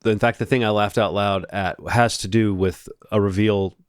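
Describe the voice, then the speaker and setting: A man's voice: lowish voice, fairly even intonation, moderate pace, clear, resonant tone, dry recording, clean studio sound. A man co-hosting a movie podcast, chatting casually in long, rambling stretches. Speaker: podcast co-host. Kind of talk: casual chat.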